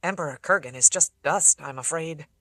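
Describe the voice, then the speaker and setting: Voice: mid-range voice, normal speed, bright, forceful tone, dry recording. An audiobook reader voicing an earnest young traveler who talks in a reassuring, kind-hearted way. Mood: steady. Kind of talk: audiobook character voice.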